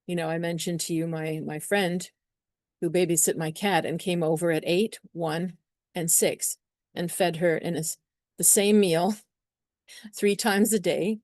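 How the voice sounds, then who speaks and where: A woman's voice: fairly low pitch, fairly even intonation, a little slow, darkish tone, no room sound, studio quality. A woman astrologer talking casually to her viewers, chatty and meandering, slipping into acted-out little scenes. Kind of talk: casual astrology talk to camera.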